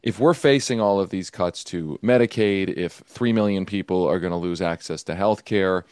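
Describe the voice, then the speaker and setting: A man's voice: sits low, normal speed, darkish tone, smooth, dry recording, studio quality. A man answering as an interview guest, explaining at length with frequent filler words.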